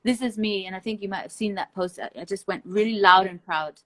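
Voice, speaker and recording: A woman's voice: mid-range voice, brisk, a bit bright. Blunt, emphatic woman guest. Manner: blunt and emphatic, swears freely; laughs between points. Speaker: interview guest. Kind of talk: casual conversation on a live stream.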